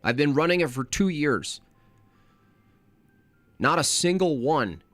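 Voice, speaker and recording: A man's voice: a little high, lively intonation, slow, fairly bright tone, dry recording, faint music behind. A man hosting a live reaction stream, his talk combative and openly scornful. He slips into silly mimicking voices to mock the people he argues against. The sound is dry and close, with no room around it.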